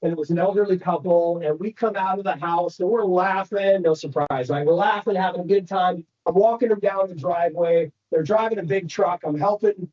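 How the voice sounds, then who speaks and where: A man giving an animated motivational training talk to a room of real estate agents, telling stories and asking the crowd questions. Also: high-pitched, fairly quick, few pauses, muffled recording. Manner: animated storytelling, addresses the crowd directly.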